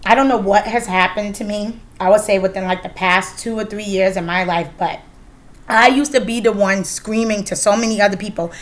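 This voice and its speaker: A woman's voice: medium pitch, fairly even intonation, a little fast. Candid swearing woman, casual chat. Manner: candid, swears freely, lots of fillers. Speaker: podcast host.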